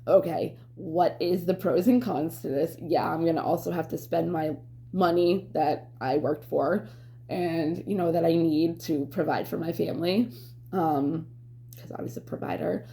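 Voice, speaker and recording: A woman's voice: low-pitched, steady tone, a little slow, warm tone, a little hiss or hum. A young woman vlogger telling a personal story candidly, rambling and swearing, with lots of fillers. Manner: rambling, profane, full of fillers.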